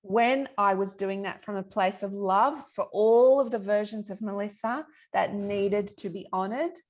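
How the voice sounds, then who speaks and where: A middle-aged woman talks through her own story as a podcast guest. She speaks earnestly and emphatically, at an ordinary pitch for a woman, and swears freely. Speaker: podcast guest, yoga teacher and healer. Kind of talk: candid personal storytelling in conversation.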